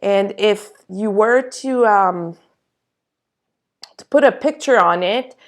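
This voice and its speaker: A woman's voice: medium pitch, slow pace. A woman channeling a spiritual energy update, speaking in a reassuring way and sometimes searching for her words.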